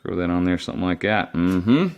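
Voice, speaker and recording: Low-voiced guy chatting while cooking. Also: brisk, darkish tone, dull audio. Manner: rambling, chatty, self-deprecating. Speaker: cooking video host. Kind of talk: casual cooking demo. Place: home kitchen.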